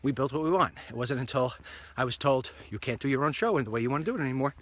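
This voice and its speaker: A man's voice: medium pitch, expressive, racing, a bit bright. A man hosting his own online show, chatting in a rambling, upbeat way while walking outdoors along a street. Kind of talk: casual walk-and-talk monologue.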